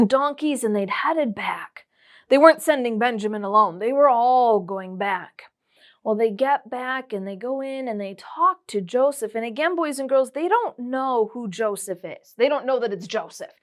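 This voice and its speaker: A woman with a fairly high voice tells a Bible story to children at church. She speaks in an animated way, drops into a hush on the tender moments, and keeps asking the kids questions.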